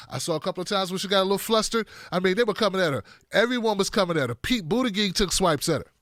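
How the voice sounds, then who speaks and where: High, bright-voiced emphatic male commentator. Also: dry recording, studio quality. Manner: animated and emphatic, repeats points for stress. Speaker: political commentator, host. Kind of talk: casual political commentary monologue.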